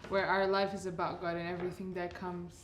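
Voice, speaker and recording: A woman's voice: lowish voice, brisk, very noisy. Laid-back woman chatting in a kitchen. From Portugal. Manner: relaxed, reflective, laughs often. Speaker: guest singer. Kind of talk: casual chat while cooking. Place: home kitchen. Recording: echoey kitchen, faint sizzling.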